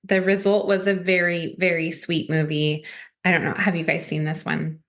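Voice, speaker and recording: A woman's voice: on the low side, little pitch movement, normal speed, fairly bright tone. A woman co-hosting a podcast, telling a story in a chatty way with frequent giggles. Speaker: podcast co-host. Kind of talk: casual chat.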